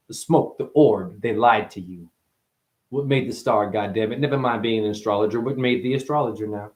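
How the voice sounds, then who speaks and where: A man delivering a rambling spiritual monologue, profane and full of wordplay, who calls the listener honey and swings from mutters to excited outbursts. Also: medium pitch, brisk. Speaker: spiritual speaker. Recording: roomy echo.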